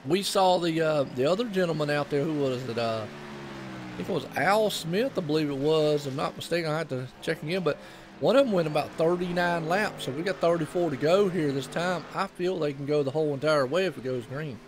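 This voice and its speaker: A man's voice: a little high, brisk. Chatty Southern-accented man, noisy background. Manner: chatty, laughs often, repeats words. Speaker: race commentator. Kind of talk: casual race broadcast commentary.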